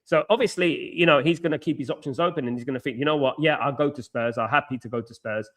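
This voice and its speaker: A man hosting a live watchalong, outspoken and animated, reading chat and ranting with lots of "you know what I mean.". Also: medium pitch, fast. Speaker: fan channel host.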